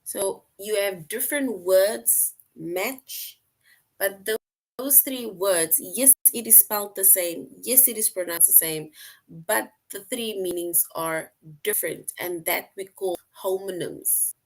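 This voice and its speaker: A woman teacher explaining a lesson slowly, repeating points and checking in with "right?" often. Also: medium pitch. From outside the US. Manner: slow, repetitive explaining, frequent "right?" check-ins. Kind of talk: online class lesson.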